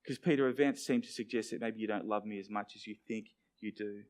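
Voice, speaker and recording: A man's voice: lowish voice, fairly quick. A middle-aged man, preaching a sermon and acting out the lines he quotes. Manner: animated, acts out quoted dialogue. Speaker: pastor.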